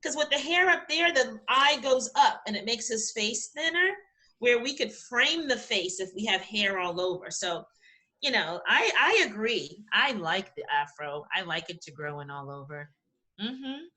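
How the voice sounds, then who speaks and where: A middle-aged woman guesting on a podcast, her voice bright and sitting a touch high. She talks in an encouraging, complimentary way, upbeat and easy. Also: animated, unhurried. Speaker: interview guest, talent agency founder. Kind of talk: casual interview chat.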